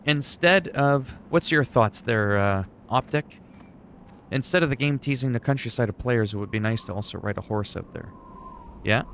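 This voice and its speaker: A man's voice: mid-range voice, normal speed, a bit bright, slight background noise. A man livestreaming a game, chatting casually and enthusiastically with viewers, rambling a bit and swearing now and then. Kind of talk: casual gameplay chat.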